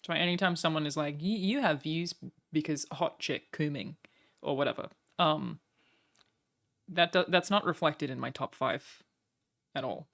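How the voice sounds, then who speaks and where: A young woman streaming from home, chatting casually and joking at her own expense, with quick asides to her chat. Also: deep voice. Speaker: streamer reacting to a broadcast.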